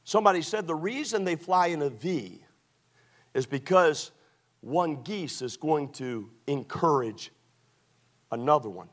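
A man preaching a sermon as pastor, moving from quiet storytelling to shouted exhortation. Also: on the high side, animated, unhurried.

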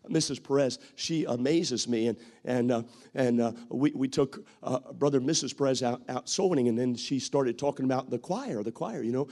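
A man preaching a sermon as pastor, acting out what people say and rising to shouts at his peaks. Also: mid-range voice, normal speed, few pauses.

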